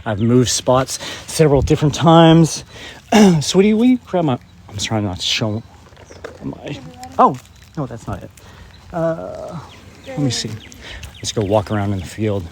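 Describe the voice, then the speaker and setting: A man from West Texas, rambling and emphatic in a casual spiritual vlog, his voice a bit hoarse, recorded outdoors in a field. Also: mid-range voice, animated, unhurried, pauses often, slight background noise. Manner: rambling and emphatic, urging viewers. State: slightly hoarse. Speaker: spiritual vlogger.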